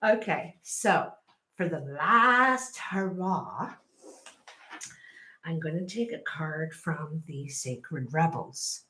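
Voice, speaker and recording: Casting note: woman tarot reader, slow and lowish, chatty, echoey room. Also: expressive, sharp tone. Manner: chatty, apologetic, laughs often. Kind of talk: casual tarot reading.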